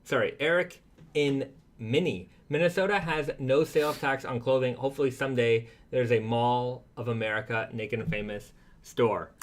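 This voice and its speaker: This Canadian co-host of a brand live stream has a Toronto accent and a medium-pitched voice at normal speed. He chats informally, reads comments from viewers, and rambles with frequent fillers and restarts.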